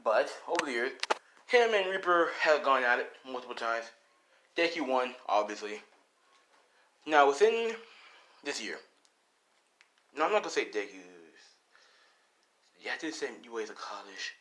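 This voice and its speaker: A man's voice: mid-range voice, big pitch swings, moderate pace, long pauses, a bit bright. A man casually making up and narrating a fan story, rambling with many fillers. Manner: rambling, full of "you know" and "like".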